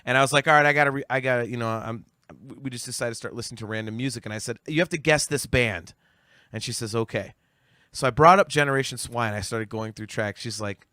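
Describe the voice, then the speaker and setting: A man's voice: medium pitch, quick pace, pushed and bright, no echo, studio quality. A man in his forties, a podcast guest in casual discussion, ranting heatedly and profanely with many stammered restarts. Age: 40s.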